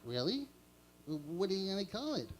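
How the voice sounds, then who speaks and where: A man voicing a small, meek male cartoon bear sidekick in a high, whiny voice. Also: very animated, normal speed.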